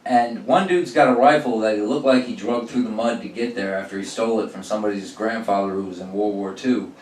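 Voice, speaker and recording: A young adult man doing profane, animated stand-up storytelling and acting out the people in his stories. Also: lowish voice, a little fast. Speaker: stand-up comedian. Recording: roomy sound from a distance.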